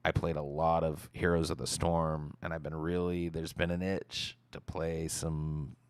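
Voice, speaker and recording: A man streaming, casually answering viewer questions in a relaxed, rambling way and swearing freely. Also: a bass voice, a little slow, smooth, no echo.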